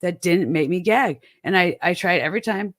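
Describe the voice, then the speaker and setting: A woman's voice: fairly low pitch, lively intonation, moderate pace, fairly bright tone, no room sound, clean studio sound. A middle-aged woman from the American Midwest, chatting casually as a host, rambling and self-deprecating with many restarts. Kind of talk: casual chat.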